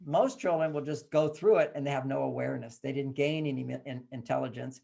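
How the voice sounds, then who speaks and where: Brief: male interview guest, lively storyteller who acts out scenes, gravelly mid-pitched voice. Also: brisk. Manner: animated, acts out dialogue. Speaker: guest author.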